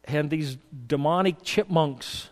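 A man preaching a sermon, moving between a loud reading of scripture and soft, hushed asides, and telling folksy stories in a conversational way. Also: a little high, slow, big-room sound. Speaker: pastor. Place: church hall.

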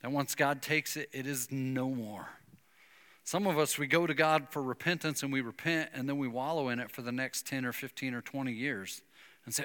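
Guy preaching a sermon, kinda high voice, big echoey hall. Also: normal speed. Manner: animated storytelling, acting out biblical dialogue. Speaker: pastor.

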